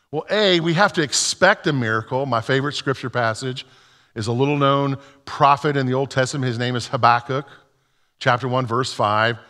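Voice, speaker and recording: A man's voice: medium pitch, pushed and bright, big-room sound. A man preaching a sermon as pastor, retelling scripture stories and acting out the dialogue with rising fervor.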